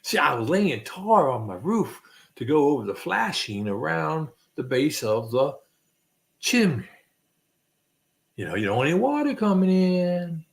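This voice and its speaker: A man with a slightly high, gravelly voice chats casually as a livestream host. He spins a rambling, jokey story and acts out clicking noises as he goes. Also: very animated, a little slow.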